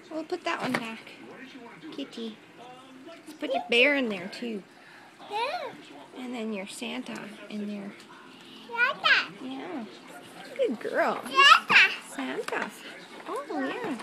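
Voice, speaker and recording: Slow, cooing high-voiced young mother. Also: creaky. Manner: sing-song, cooing and praising, repeats words for the child. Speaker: mother filming her toddler. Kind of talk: home video baby talk.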